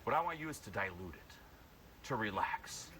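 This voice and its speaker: A man coaching a live workshop audience, blunt and energetic, breaking into loud yells. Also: on the low side, moderate pace, slight background noise, poor audio. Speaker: social confidence coach.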